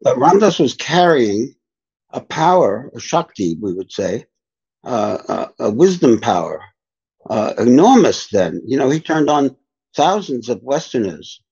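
An older spiritual teacher, a guest on a podcast interview, tells reflective stories at an unhurried pace. His husky voice is medium-pitched with a darkish tone, large pitch swings and a slightly slow delivery. The lo-fi recording sounds dull.

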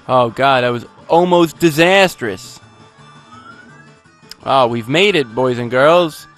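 With a mid-range, somewhat bright voice, a man narrates the video game he's playing. His commentary wanders, stays goofy and self-mocking, and breaks into sudden outbursts.

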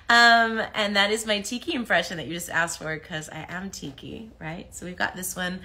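A voice actress signs autographs on a livestream, chatting casually, reading fan comments aloud, and laughing often. Her voice is on the low side with a sharp tone, fairly even intonation, and normal speed.

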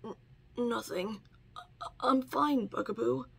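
A woman's voice: mid-range voice, completely flat delivery, moderate pace, a little mellow, breathy edge, voice pushed down, close to an everyday voice. A woman voicing a badly hurt young male superhero who speaks in a weak, breathless whisper.

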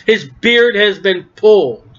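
A man preaching an impassioned sermon, dropping to low murmurs and rising to shouts. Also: animated, measured pace. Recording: dull lo-fi recording.

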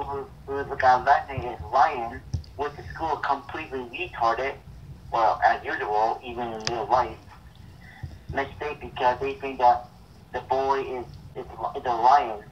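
A young man co-hosting a casual chat, speaking haltingly with repeated words and blunt opinions. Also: mid-range voice, far from the mic, muffled recording, a little hiss or hum. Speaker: co-host.

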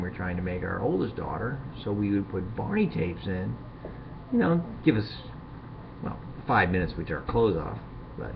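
A middle-aged man hosting a comedic monologue, rambling and crude, building to loud rants. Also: fairly low pitch, vocal fry. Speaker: show host. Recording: dull lo-fi sound with faint hiss.

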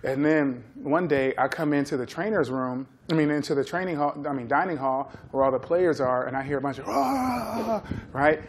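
A man in his thirties giving a talk, telling a lively story and acting out the people in it. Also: medium pitch, a little fast, hardly any pauses, a little hiss or hum. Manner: animated storyteller acting out quotes. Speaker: guest speaker.

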